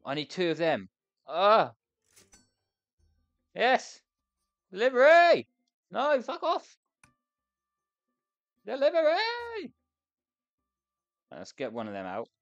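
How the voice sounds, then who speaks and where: Young woman streaming a game, frantic and foul-mouthed, very lively pitch, dry close mic. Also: moderate pace, dry recording, highs cut off, soft background music. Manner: frantic, swearing, exasperated. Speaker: gaming YouTuber. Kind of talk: let's play commentary.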